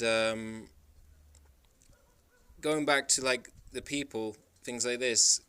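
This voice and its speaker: Here a Manx man with a mid-range, fairly bright and clean voice shares travel tales as a vlogger. His casual storytelling rambles, stays emphatic, and keeps circling back to restart.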